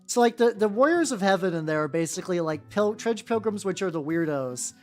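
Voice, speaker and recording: A woman's voice: medium pitch, lively intonation, brisk, darkish tone, soft background music. A woman streamer chatting casually while painting miniatures, rambling and swearing, with lots of fillers and restarts.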